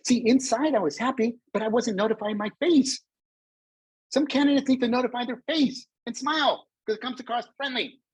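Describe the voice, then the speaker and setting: A man's voice: extremely high pitch, a little fast, slightly rough, dry recording, poor audio. A man presenting a career webinar over a video call, standing up, talking energetically to the audience and acting out bits of dialogue. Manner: energetic, addresses the audience as folks, acts out dialogue; speaks standing up. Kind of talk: motivational webinar talk. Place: indoors, a vacation spot.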